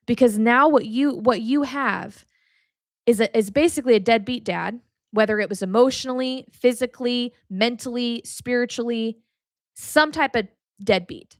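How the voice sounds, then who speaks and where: A woman's voice: fairly high pitch, moderate pace, no room sound, clean studio sound. A woman hosting a podcast with a casual faith teaching, talking candidly and straight to the listener, swearing freely and speaking with emotion. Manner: talks straight to the listener, calls them honey. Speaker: podcast host.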